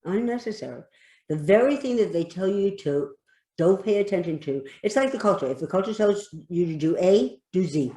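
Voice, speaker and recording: An emphatic woman talks as an expert guest on a podcast, driving her points home by repeating them. Her voice is mellow and relaxed in tone. The sound carries a noticeable room echo. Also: mid-range voice, normal speed. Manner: emphatic, repeats key phrases. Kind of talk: podcast conversation.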